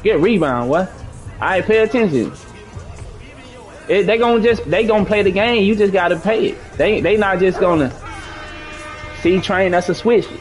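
A young man talks through a basketball video game with his teammates, coaching them and scolding them in loose, profane slang. His voice sits a little high for a man and jumps around a lot in pitch. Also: lively intonation, normal speed, long pauses, faint music behind. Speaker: gaming streamer. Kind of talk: live gameplay chat with teammates.

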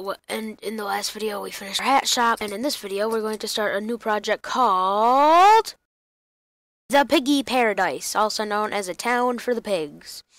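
A woman's voice: mid-range voice, fairly bright tone, no echo. A young woman chatting casually through a block-building game video, rambling and breaking into silly sing-song bits. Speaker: gaming YouTuber. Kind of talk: casual gaming commentary.

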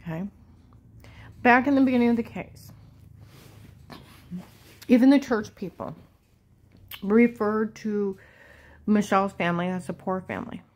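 A woman's voice: medium pitch, a little slow, pauses often, darkish tone, highs cut off. A woman talking straight to her viewers in a rambling, repetitive and agitated personal monologue.

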